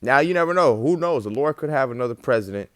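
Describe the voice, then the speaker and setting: A man's voice: mid-range voice, animated, fast, fairly bright tone, no room sound, studio quality. A man giving a casual spoken religious testimony, rambling and slangy, with lots of fillers and the odd swear word.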